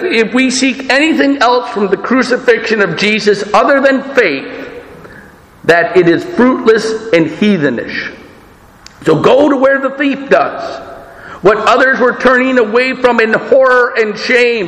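A male pastor preaching a sermon with emphatic, deliberate delivery, his voice rising and falling. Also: sits high, fairly bright tone. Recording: echoey church hall with long reverb.

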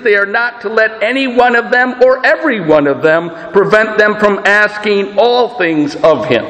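A male pastor preaching a sermon with emphatic, deliberate delivery, his voice rising and falling. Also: sits high, sharp tone. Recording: echoey church hall with long reverb.

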